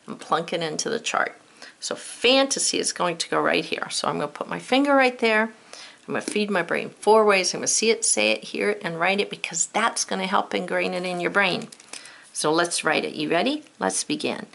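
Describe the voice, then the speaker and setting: A woman's voice: mid-range voice, creaky, fairly bright tone. A middle-aged woman teaching a children's spelling lesson, patient and step by step, sounding out words letter by letter.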